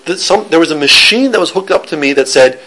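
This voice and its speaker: A man with a fairly high-set voice teaches an informal Torah class. He talks in a loose, conversational way, restarting phrases and trading jokes with the people listening. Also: expressive, fast talker, sharp tone, low-quality recording.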